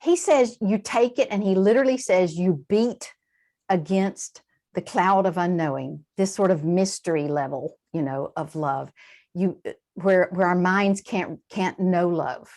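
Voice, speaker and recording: A woman guest in an interview, explaining in a lively conversational way, with quick asides and frequent shifts in emphasis. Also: fairly low pitch. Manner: animated, warm-hearted explaining with quick asides and laughs. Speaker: translator and guest.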